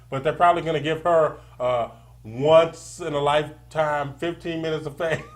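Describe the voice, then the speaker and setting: A man co-hosting a casual wrestling podcast, excitedly acting out quoted lines in casual chat. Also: mid-range voice. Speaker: podcast co-host.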